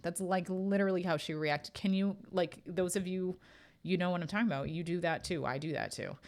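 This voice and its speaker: A woman in her thirties talks through a personal story on her own podcast. Her voice sits low, and she speaks in a loose, candid way, full of fillers and the odd curse. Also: a little fast, a little mellow. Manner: candid, chatty storytelling with frequent swearing and fillers. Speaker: podcast host and medium. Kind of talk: casual spoken podcast monologue.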